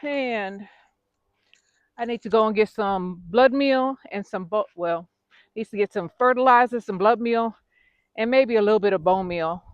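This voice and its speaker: A woman's voice: mid-range voice, moderate pace, dry recording, dull audio. A woman vlogging casually while she works in her garden outdoors, chatty and self-deprecating, out of breath.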